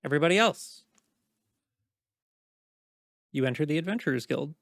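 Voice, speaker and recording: A man narrating a tabletop game as game master in a relaxed, easygoing way, with fillers. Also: a little high, moderate pace, gravelly, no echo, studio quality.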